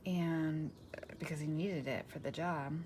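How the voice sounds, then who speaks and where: A woman in her forties, a craft vlogger, chatting casually and rambling through a story while she works, sometimes dropping to a soft near-whisper. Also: low-pitched, steady tone, measured pace. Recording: paper crinkling noise in the background.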